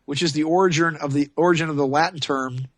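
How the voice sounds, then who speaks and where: A man hosts a radio talk show in a loose, joking, rambling way. His voice sits a little high, and the sound is dry and close. He talks casually and drifts from point to point. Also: fairly even intonation, quick pace, no echo.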